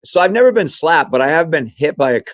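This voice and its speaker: A comedian from Maine telling animated stories in an interview, acting out other people's voices as he goes. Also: a little high, fast, no room sound. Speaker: comedian guest. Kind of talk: storytelling interview chat.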